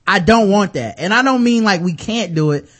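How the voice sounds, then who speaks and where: A man in casual podcast chat, animated and profane, laughing often. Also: high-pitched, normal speed. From United States. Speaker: podcast co-host.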